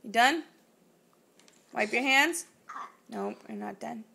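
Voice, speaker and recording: A woman with a gravelly, creaky voice speaks slowly and patiently to a small child at home, urging her over and over to eat. The home video carries a faint hiss under her voice. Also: a little high, sharp tone. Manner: coaxing, repetitive instructions. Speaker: parent feeding a toddler. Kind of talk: casual talk to a small child.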